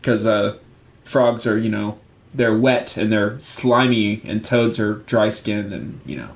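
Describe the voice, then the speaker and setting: Slow and gravelly, this fairly low male voice belongs to a podcast co-host in his thirties. His talk is casual, full of lively storytelling and frequent laughter.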